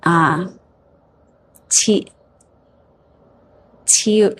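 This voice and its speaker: Slow, soft-spoken woman reading tarot. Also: lowish voice, slight background noise. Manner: halting, feels her way through names with hesitations; gentle and reassuring toward viewers. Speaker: tarot card reader. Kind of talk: pick-a-card psychic reading to camera.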